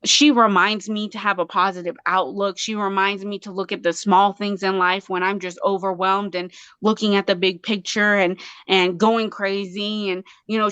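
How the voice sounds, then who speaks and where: A woman's voice: mid-range voice, fairly bright tone, clear, resonant tone, no echo, muffled recording. A woman from Colorado, a guest on an interview show, talking earnestly and passionately with many restarts. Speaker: guest artist and mother. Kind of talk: casual interview talk.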